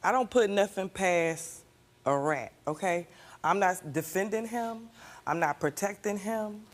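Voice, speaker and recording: A woman's voice: medium pitch, measured pace. An older woman, a grandmother on a talk show, defending herself and cutting in with repeated protests. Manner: defensive, interrupting with repeated "hold on". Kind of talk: defensive argument.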